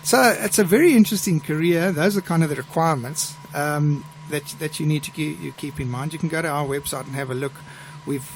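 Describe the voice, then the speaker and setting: A middle-aged man with a South African accent, a pilot who hosts a live show and tells stories in a chatty, relaxed way. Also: mid-range voice, creaky, a little hiss or hum. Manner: chatty, relaxed storyteller with restarts. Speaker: airline pilot and show host. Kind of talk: live show chat and anecdote telling.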